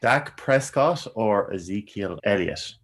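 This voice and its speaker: A male podcast host asking short, upbeat rapid-fire questions. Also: on the low side, animated.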